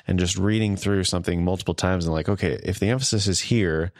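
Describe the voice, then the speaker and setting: A man's voice: low voice, fast, no room sound, clean studio sound. A man co-hosting a podcast, talking in an easygoing, reflective way and reading scripture aloud in a casual Bible study discussion. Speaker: podcast co-host.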